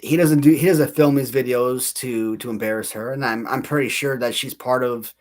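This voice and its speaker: This channel host, a man in his thirties, keeps a steady tone at medium pitch and a moderate pace. His casual livestream is full of rambling stories, self-mockery, frequent laughter and plenty of restarts.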